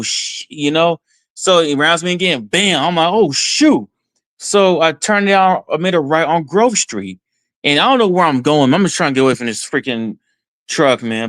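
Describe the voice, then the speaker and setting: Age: adult. Sex: man. Style: excited first-person storytelling as a podcast guest. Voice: fairly high, dry. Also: no room sound. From Texas. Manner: excited, retells events with quoted self-talk.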